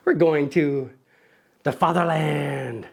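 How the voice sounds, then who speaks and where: A man's voice: fairly high pitch, drawn-out words, creaky. A man hosting a casual lens review show, playful and jokey, chatting to a toddler sidekick. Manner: playful, jokey, talks to his toddler co-host. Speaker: camera review host.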